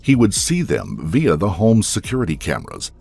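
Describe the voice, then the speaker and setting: A man narrating a true-crime story from a script in a measured storytelling delivery. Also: low-pitched, huge pitch swings, gravelly, a little mellow, faint music behind.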